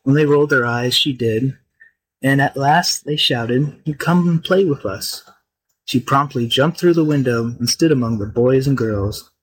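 A man narrating a folk tale in a steady, expressive reading. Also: medium pitch, normal speed, rough recording. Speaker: storyteller. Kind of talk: scripted storybook narration.

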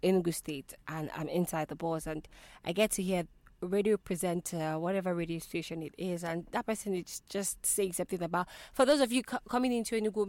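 A woman's voice: lowish voice, a little mellow, no echo. Young nigerian lady radio host, bubbly and chatty, dry close studio mic. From southeast Nigeria. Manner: bubbly, chatty, laughs often, repeats greetings. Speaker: radio presenter. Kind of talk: lively radio show chat. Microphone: studio microphone.

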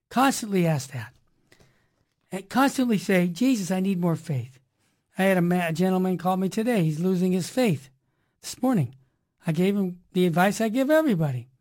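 Woman, radio show host, Catholic talk monologue, energetic, preachy, upbeat catchphrases, mid-pitched voice.

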